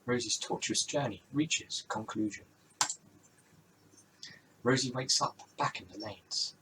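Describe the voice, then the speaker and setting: A man narrates a homemade story game in a dry, low-key way. His voice sits at an ordinary middle pitch. A faint hiss stays in the background. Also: takes it slowly, pauses often.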